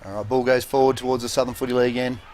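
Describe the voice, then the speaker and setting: A man with an Australian accent commentating a local football game in a relaxed, halting way with many fillers. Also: medium pitch, slight background noise. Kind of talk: casual sports commentary. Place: commentary box at an outdoor oval.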